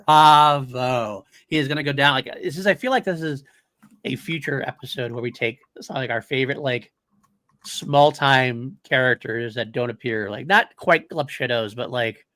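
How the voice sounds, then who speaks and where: A man's voice: mid-range voice, moderate pace, sharp tone, dry recording. Male podcast host, casual and rambling, mid-range voice, dry close sound. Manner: enthusiastic, rambling, laughs often. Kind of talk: casual chat.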